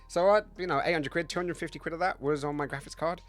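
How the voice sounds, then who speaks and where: A man's voice: on the high side, fairly even intonation, fast, soft background music. A man in his thirties chatting casually on a game livestream, rambling, crude and joking. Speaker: game streamer.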